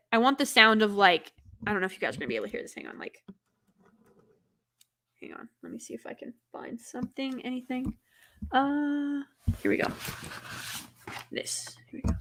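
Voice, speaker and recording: Chatty, higher-voiced woman streamer. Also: brisk, pauses often. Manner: chatty, many filler words, rambling; bursts into loud, exasperated outbursts. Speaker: livestream host. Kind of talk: casual chat with live viewers.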